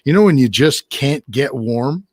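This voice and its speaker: A man's voice: mid-range voice, animated, a little slow, a little mellow, no echo, studio quality. A man co-hosting a casual podcast, rambling and joking as he reads sponsor spots. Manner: rambling, repeats words and restarts while joking. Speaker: podcast co-host.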